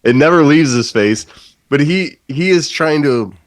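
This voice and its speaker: A man's voice: a little high, expressive, unhurried, no room sound. A man in casual film discussion, enthusiastic and joking crudely.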